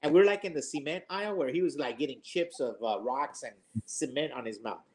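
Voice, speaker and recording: A man in his fifties, co-host of a casual chat, telling a story in a lively, quick, teasing way. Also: on the high side. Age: 50s.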